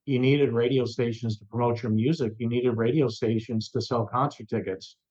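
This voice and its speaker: A man who is a rock radio personality, a guest in a remote interview, telling a story with lively energy and acting out the voices of the people he quotes. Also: medium pitch, normal speed, lo-fi sound. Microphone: remote interview over the internet.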